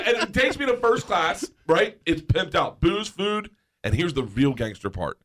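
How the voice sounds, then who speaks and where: A man telling a comedic story as a podcast guest, animated and laughing as he goes. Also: high-pitched, normal speed. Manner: animated, laughs through his own story.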